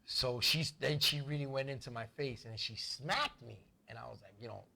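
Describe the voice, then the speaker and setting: Casting: comedic male host, bright and sharp tone, loose and profane storytelling. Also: mid-range voice, normal speed, creaky. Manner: animated, profane, acts out family members' voices. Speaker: show host.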